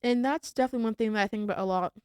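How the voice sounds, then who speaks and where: Young woman from florida rambling on a podcast, smooth voice, pretty high, dry sound. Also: very fast, no room sound. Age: young adult. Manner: chatty, rambling storyteller. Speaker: podcast co-host. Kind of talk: casual chat.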